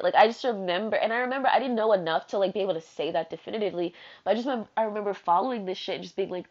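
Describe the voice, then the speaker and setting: A young adult woman talks through a candid personal monologue, drifting between thoughts in loose, slangy speech with swearing and fillers. Her voice sits at a middling pitch for a woman. The recording is slightly muffled and lo-fi. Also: very fast, hardly any pauses, darkish tone. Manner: rambling, slangy and profane, heavy on "like".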